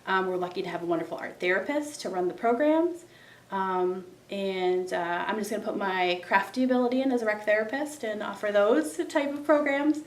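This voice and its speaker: Recreation therapist woman, roomy and distant. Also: medium pitch. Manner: halting, with many ums and restarts. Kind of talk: casual on-camera interview. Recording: roomy sound from a distant mic, soft music under.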